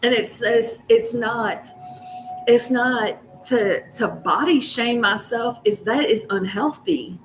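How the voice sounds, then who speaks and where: A woman's voice: a little high, slow, soft background music, poor audio. A woman telling a personal story in a casual, rambling, profane and emotional way.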